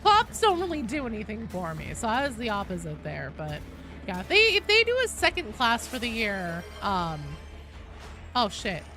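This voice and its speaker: A woman's voice: a little high, huge pitch swings, normal speed, bright, forceful tone. A woman game streamer chatting casually with her viewers while playing, swearing freely and greeting people in chat. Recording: game music playing behind the voice.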